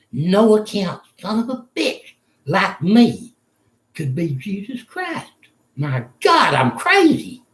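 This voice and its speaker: A man's voice: sits high, gravelly, fairly bright tone, reverberant. An older man, ranting angrily and profanely in a rambling vlog monologue from a room in a retirement home. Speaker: vlogger.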